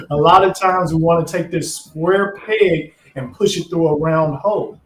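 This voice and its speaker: A man's voice: on the high side, measured pace. A man speaking earnestly and reflectively as a guest in a panel talk. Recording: roomy echo.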